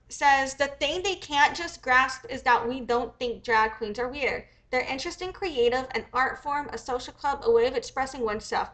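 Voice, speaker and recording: A woman's voice: high-pitched, fairly bright tone. A young American woman hosting a casual livestream, a bit sick, rambling and swearing as she thinks aloud. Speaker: livestream host.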